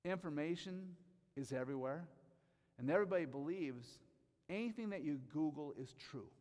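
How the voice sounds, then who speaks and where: Male preacher, fairly high voice, emphatic sermon with loud bursts, long hall reverb. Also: expressive. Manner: emphatic, rises to loud bursts on key phrases; reads scripture aloud slowly.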